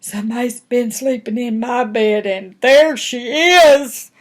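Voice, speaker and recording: An older woman voicing a small crying boy bear cub in a storybook tale, high and whiny. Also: slow pace.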